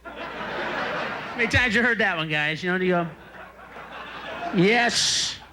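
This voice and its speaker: Screaming high-voiced stand-up comedian. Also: male voice, lively intonation, moderate pace, background noise. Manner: explosive, bursts into screaming.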